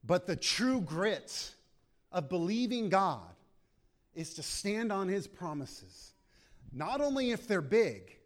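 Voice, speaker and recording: A man's voice: sits high, big pitch swings, takes it slowly. A man preaching a sermon with passion, acting out prayers aloud as he speaks. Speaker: pastor.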